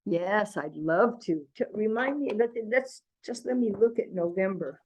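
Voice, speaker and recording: A woman storyteller chatting warmly and appreciatively with a friend over a video call. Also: medium pitch, measured pace, slight background noise. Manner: warm, appreciative listener. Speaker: fellow storyteller. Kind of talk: casual chat.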